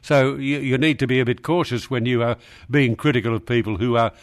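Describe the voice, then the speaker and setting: A man's voice: medium pitch, steady tone, a little fast. A man hosting talk radio, blunt and dismissive with a dry manner. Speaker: radio host.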